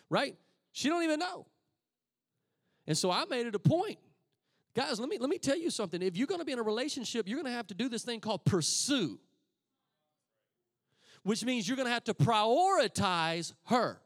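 A middle-aged pastor from Texas, speaking as he tells a story from the pulpit. His voice sits high for a man and swings widely in pitch, and it is caught dry and close with no room echo. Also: moderate pace, pauses often. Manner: animated, acts out voices of friends and himself. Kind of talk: storytelling sermon.

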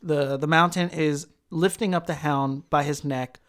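A woman's voice: low voice, fairly even intonation, unhurried. A woman co-hosting a casual chat, explaining plot in detail and laughing often. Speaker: podcast co-host. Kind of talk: casual chat recapping a show.

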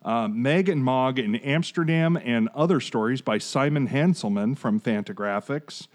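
A man's voice: mid-range voice, moderate pace. A man in his forties hosting a podcast, chatting casually and digressing as he reads out award winners. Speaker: podcast host.

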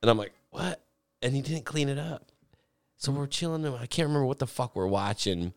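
Man, casual storytelling, lots of swearing, laughs, lively swings in pitch, squealing quoted voices. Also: fast talker. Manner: acts out voices with high squeals.

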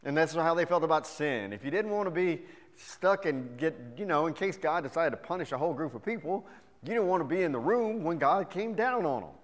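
This middle-aged pastor's voice sits on the high side, and his brisk sermon rings through a reverberant hall. He starts animated, reading scripture and joking, before teaching more quietly.

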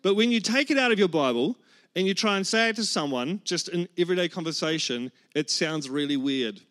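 A man's voice: high voice, expressive, brisk, fairly bright tone. Joking man preaching. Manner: joking, storytelling with acted-out quotes. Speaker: pastor. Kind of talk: humorous sermon.

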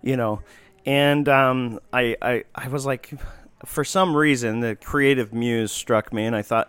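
A man hosting a talk show, chatting in a halting way with many fillers and restarts. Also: mid-range voice, fairly even intonation, fairly bright tone, clear, resonant tone, dry recording. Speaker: podcast host. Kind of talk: casual chat.

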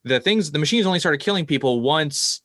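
Bright-voiced, wry man on a dry mic. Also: on the high side, expressive, no room sound. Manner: wry, quick to laugh, peppered with "like". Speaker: podcast co-host. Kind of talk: casual chat.

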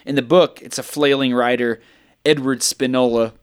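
A man's voice: mid-range voice, steady tone, moderate pace, smooth. A man co-hosting a podcast in casual chat, playful with mock-dramatic buildups. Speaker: podcast co-host.

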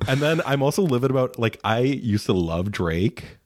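A man's voice: mid-range voice, expressive, moderate pace, few pauses, no room sound, studio quality. A man co-hosting a casual chat, snarky and ranting, swearing freely. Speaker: podcast co-host.

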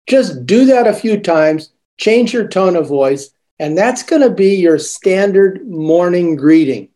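Dark-voiced man coaching teachers. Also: high voice, very animated, a little slow, few pauses. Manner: demonstrative, models greetings with sing-song emphasis. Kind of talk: coaching talk.

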